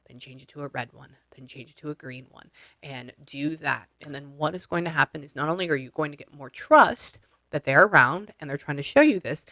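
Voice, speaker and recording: A man guides a client through a spiritual practice over a video call. His voice sits a touch high and comes across bright and forceful, recorded dry with no room sound. He talks bluntly and casually, swears without hesitation, and lays out instructions one step at a time. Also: lively intonation, brisk, dry recording. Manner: swears freely. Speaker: spiritual medium.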